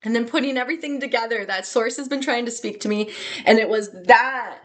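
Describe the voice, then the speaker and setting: A young adult woman talking in an excitable, rambling way in a personal vlog, laughing and tearing up at times. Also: on the high side, fairly quick. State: tearful at times. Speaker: spiritual vlogger.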